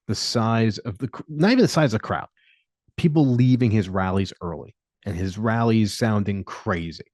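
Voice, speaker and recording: A man co-hosting a podcast, chatting casually about politics in an animated, storytelling way. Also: fairly low pitch, no echo, studio quality. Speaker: podcast co-host.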